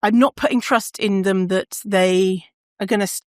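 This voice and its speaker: A woman's voice: medium pitch, steady tone, normal speed, no room sound, studio quality. Candid woman hosting a podcast. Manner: candid, swears freely, laughs often, acts out quoted voices. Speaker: podcast host. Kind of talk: casual solo podcast monologue.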